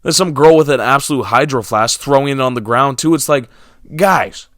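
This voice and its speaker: A man's voice: medium pitch, moderate pace, fairly bright tone, dry recording, clean studio sound. A young man ranting casually to his viewers about movies and theaters, sarcastic and exasperated, dropping to mumbles and then flaring up. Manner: exasperated, sarcastic, swinging between mumbles and outbursts. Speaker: movie vlogger.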